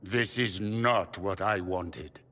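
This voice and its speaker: A deep-voiced, remorseful old magister. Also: male voice, sharp tone, exaggerated voice. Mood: pleading. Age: older. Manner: pleading, measured, apologetic. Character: remorseful aging male magister, a stern father. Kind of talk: game character dialogue.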